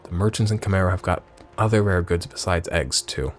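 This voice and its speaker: A man voicing a young male bird keeper in a gruff old pirate-like voice, worried and pleading as he reads game dialogue aloud. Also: low voice, a little fast, faint music behind, close to an everyday voice.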